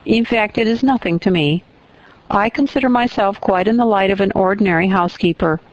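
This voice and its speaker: A woman's voice: medium pitch, dry recording, lo-fi sound. A woman doing a chatty old housekeeper. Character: kindly chatty elderly widowed housekeeper.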